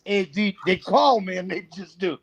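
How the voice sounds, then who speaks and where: A man's voice: high-pitched, moderate pace, breathy edge. A man, a podcast guest telling easygoing anecdotes with frequent chuckles. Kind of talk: casual chat. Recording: slightly dull sound.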